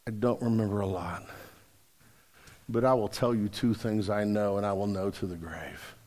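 A man voicing an aging former slave trader, speaking hushed, slow and solemn, in a reverberant hall. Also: fairly low pitch, fairly even intonation, pitched below the performer's own voice, lightly acted. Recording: long reverb in a large hall.

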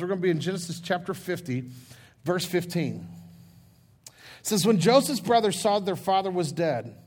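A middle-aged man preaching a sermon as pastor, talking in an earnest, conversational way and acting out the scripture in his own words. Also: fairly high pitch.

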